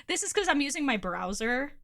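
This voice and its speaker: A woman's voice: sits high, very animated, fairly quick, fairly bright tone. A woman from Ohio, streaming a game and chatting casually with her viewers, giggling often and swearing casually. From Ohio, USA. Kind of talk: casual live-stream chat while gaming.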